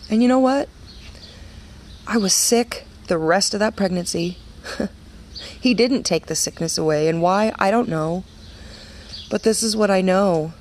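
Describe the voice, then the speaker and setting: A woman's voice: on the low side, moderate pace, long pauses, a little hiss or hum. A woman in her thirties giving a personal faith testimony in an earnest, conversational way, full of fillers and restarts. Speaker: women's ministry speaker.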